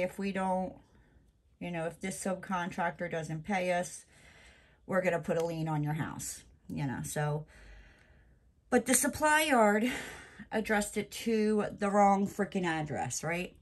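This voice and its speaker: A woman's voice: on the low side, measured pace. A woman venting in a casual crafting vlog, exasperated and emphatic, full of "you know" and "like.". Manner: lots of fillers like "you know" and "like". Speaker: crafting vlogger. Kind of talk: casual chat while crafting.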